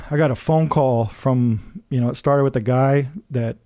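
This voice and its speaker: A man on a podcast telling a personal story in a casual, animated way, laughing often and acting out what people said. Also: medium pitch, measured pace. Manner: many fillers and restarts.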